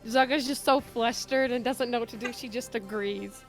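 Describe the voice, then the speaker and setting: A woman's voice: on the high side, steady tone, moderate pace, music in the background. A woman playing a tabletop game, giggling as she describes her character in third person. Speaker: player. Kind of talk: tabletop role-play.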